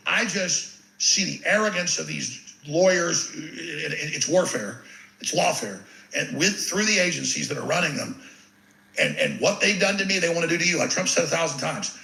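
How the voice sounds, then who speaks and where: A man with a gravelly, bright-edged voice sitting a little high, delivering an intense, ranting monologue as an interview guest. He stacks repeated words as he presses forward, and the sound has a roomy echo around it. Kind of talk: impassioned monologue.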